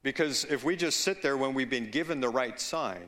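A male pastor preaching a sermon, slow and deliberate, with storytelling asides and calls for agreement from the congregation. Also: mid-range voice, a bit bright.

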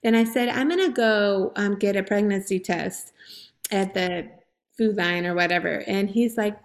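A woman's voice: mid-range voice, normal speed. A woman in her forties telling her personal story as a guest on a faith-based talk show, earnest and emotional. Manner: earnest storytelling, laughing and tearful at times. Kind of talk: personal testimony in a faith interview.

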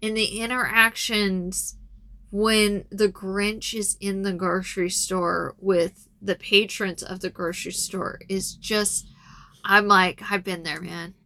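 A woman's voice: mid-range voice, level tone, slow pace, bright, forceful tone. A woman retelling a film's plot in a casual, rambling chat with frequent ums. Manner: chatty and rambling, lots of ums.

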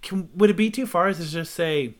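A man's voice: high voice, moderate pace, a crowd in the background. Playful man building on jokes. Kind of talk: casual comedic chat.

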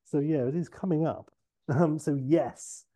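A man's voice: a little high, measured pace, warm tone. A man co-hosting a movie podcast, rambling chattily with asides. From England. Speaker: podcast co-host. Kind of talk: casual podcast chat.

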